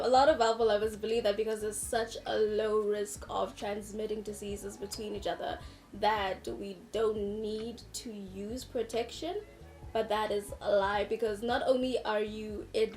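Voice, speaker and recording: A woman's voice: medium pitch, a little mellow. A young adult woman co-hosting a casual chat, explaining things with playful, dry asides. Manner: playful, dry asides, coins jokey terms. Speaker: co-host.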